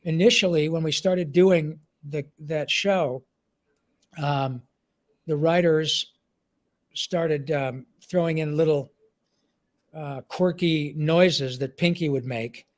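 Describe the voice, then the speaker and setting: A man's voice: a little high, slow, long pauses. A man in his sixties, a voice actor answering interview questions and slipping into character voices now and then. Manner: animated, slips into character voices. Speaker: voice actor guest. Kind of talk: interview over video call.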